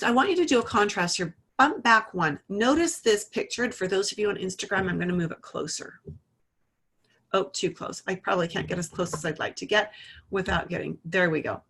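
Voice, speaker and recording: A woman gives an iridology lesson in an easy, conversational voice at a middle pitch. She tells a client's story and narrates a hands-on demonstration, pausing to adjust what the viewers see. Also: animated, a bit bright, breathy edge. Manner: conversational, talks through a case story and adjusts a camera while speaking. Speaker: iridology teacher. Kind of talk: explanatory lesson with a live demonstration.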